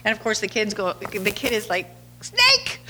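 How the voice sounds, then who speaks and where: A woman's voice: mid-range voice, steady tone, brisk, noisy background. A woman hosting a podcast, telling casual stories in a chatty way, laughing often and acting out quotes. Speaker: podcast host. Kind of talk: casual storytelling monologue.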